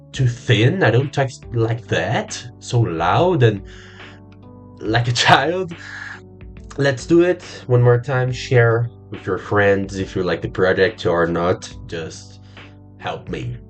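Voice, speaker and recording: A young Brazilian man hosting his own podcast in English as a second language, halting and repeating words, swearing casually. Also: mid-range voice, lively intonation, faint music behind. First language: Portuguese. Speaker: podcast host. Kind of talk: casual solo podcast monologue.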